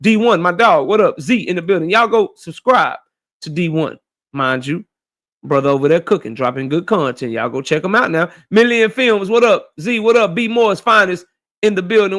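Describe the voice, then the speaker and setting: A man's voice: sits high, fairly bright tone. A man hosting a live stream, casually greeting chat viewers one by one in slang. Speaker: livestream host.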